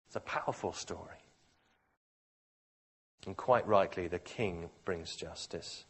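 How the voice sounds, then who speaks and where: A man preaching a sermon, dramatically shifting between quiet, slow phrases and loud, forceful ones. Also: deep voice, breathy edge.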